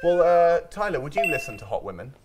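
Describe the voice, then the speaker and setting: A man's voice: a little high, sing-song, quick pace, crowd noise. A man hosting a comedic news panel show, bantering with guests in a teasing, sarcastic way. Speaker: host.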